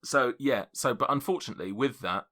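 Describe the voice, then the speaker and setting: A man narrating as game master, chatty and quick to laugh. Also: medium pitch, bright, forceful tone. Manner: chatty, laughing often, casual swearing.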